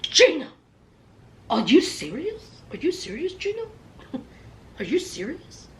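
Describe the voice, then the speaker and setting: A woman voicing a furious jilted woman yelling accusations at her partner, with repetitive taunting. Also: high-pitched, big pitch swings, fast talker, far from the mic, slight background noise, pitched below the performer's own voice. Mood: accusing.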